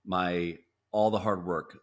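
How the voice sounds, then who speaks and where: Deep-voiced man telling a story. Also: slow pace. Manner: animated storyteller, acts out quotes, frequent restarts. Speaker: podcast guest. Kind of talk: storytelling interview.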